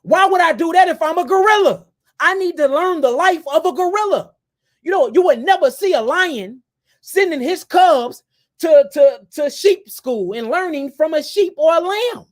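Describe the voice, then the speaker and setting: A man's voice: extremely high pitch, lively intonation, normal speed. A man giving a fiery, impassioned lecture to his viewers, ranting and repeating himself and calling them family. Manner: addresses listeners as family and y'all. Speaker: host.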